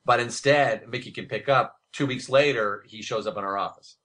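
A man who produces a TV series, answering panel questions with self-deprecating stories and lots of halting restarts. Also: medium pitch, fairly bright tone. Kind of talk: relaxed panel anecdotes.

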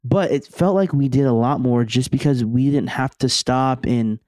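A young man co-hosting a podcast tells stories in a laid-back, slang-heavy way during casual chat. His medium-pitched voice has a darkish tone and moderate pace, recorded dry with clean studio sound.

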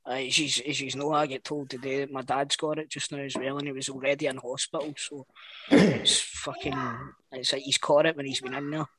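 A man's voice: medium pitch, moderate pace, crowd noise. A Scottish man co-hosting a football podcast, telling stories casually and swearing. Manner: animated anecdote teller, sweary. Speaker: podcast co-host. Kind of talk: casual chat, storytelling.

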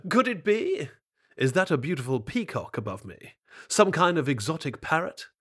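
A man voicing a sly, dapper male fox who flatters with theatrical, mock-genuine praise. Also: a little high, normal speed, husky, pitched above the performer's own voice, full character voice. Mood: flattering.

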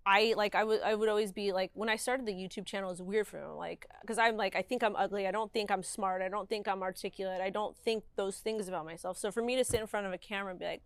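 A woman in her thirties speaks as an interview guest, candid and emphatic. She keeps saying "like" and acts out what others said. Her voice sits at a middle pitch and sounds dry and close, with no room around it. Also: fast, few pauses, dry recording. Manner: emphatic, animated, heavy use of "like".

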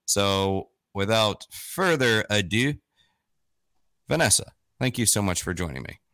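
Bright, crisp-voiced male host. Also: lowish voice, expressive, unhurried, no echo. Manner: chatty, self-deprecating, with fillers and restarts. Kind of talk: live-streamed interview.

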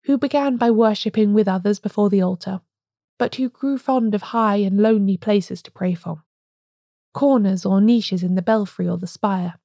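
A woman voicing a calm, wise male priest who speaks gravely and gently in an audiobook reading. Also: high voice, moderate pace, no room sound, clean studio sound.

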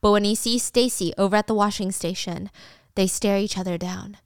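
A woman's voice: medium pitch, fairly even intonation, fairly quick, smooth, no echo, studio quality. A young woman retelling a drama in a casual, chatty way, with slangy asides and frequent laughs. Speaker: drama recap host. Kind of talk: casual storytelling recap.

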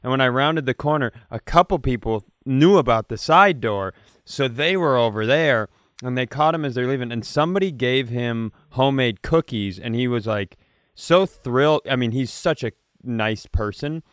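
On a podcast, a male co-host chats quickly in a casual, comedic way and laughs easily. His mid-range voice is clear and resonant, recorded dry with a clean studio sound.

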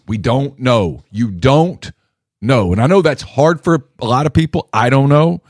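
A man co-hosting a sports podcast in casual talk, emphatic and repetitive, jumping up to a near shout on the points he presses. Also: mid-range voice, moderate pace, dry recording, clean studio sound. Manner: emphatic, repeats himself, rising to a near shout on key phrases. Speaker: podcast co-host.

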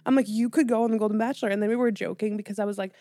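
A woman's voice: mid-range voice, steady tone, mellow. A woman co-hosting a podcast, telling stories in a chatty, casual way. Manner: chatty, storytelling, quick asides. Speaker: podcast co-host. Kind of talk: casual chat.

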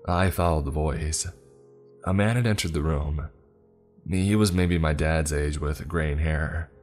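A man narrating a scripted first-person story in a steady, even way. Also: extremely low pitch, unhurried, faint music behind.

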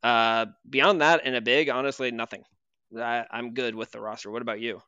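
Bright, crisp-voiced man talking hoops. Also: medium pitch, steady tone, normal speed, no echo, highs cut off. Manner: conversational with frequent fillers and restarts. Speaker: podcast co-host. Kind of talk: casual basketball chat.

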